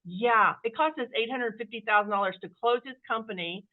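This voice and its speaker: Woman, talkative storyteller, animated, narrow phone-like sound. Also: on the high side, brisk. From Kansas City area, USA. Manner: chatty, animated, acts out quoted voices. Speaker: interview guest, company CEO. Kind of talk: casual storytelling interview.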